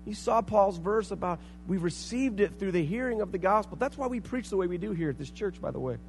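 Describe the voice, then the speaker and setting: A middle-aged man, preaching a sermon, telling stories and acting out quoted voices, then building to loud emphatic points. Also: sits high, expressive, brisk, vocal fry. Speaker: pastor. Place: church sanctuary. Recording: long hall reverb, faint hum.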